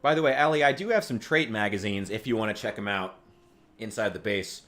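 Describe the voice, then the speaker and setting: Fairly quick and fairly bright, this American man's low-pitched voice carries loose, wry stream chatter while he plays a game. He rambles and swears as he goes.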